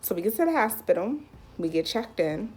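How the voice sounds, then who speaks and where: A woman's voice: mid-range voice, very animated, brisk, darkish tone, breathy edge. A young woman vlogger telling a personal story in a casual, candid way, full of "like". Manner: chatty, lots of "like", candid.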